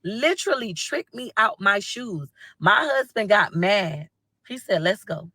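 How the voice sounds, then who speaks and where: A woman's voice: mid-range voice, a little slow, no room sound, clean studio sound. Blunt, profane woman telling a story. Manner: blunt, profane, animated retelling with acted-out quotes. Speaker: TikTok live streamer. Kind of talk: casual storytelling to live viewers. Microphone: phone.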